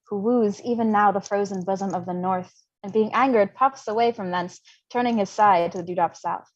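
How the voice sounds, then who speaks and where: Witty mocking young guy mercutio, a young woman reading him, brisk playful verse, dull lo-fi stream audio. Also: mid-range voice, husky, natural voice. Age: young adult. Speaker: volunteer reader. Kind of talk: unrehearsed livestream Shakespeare reading.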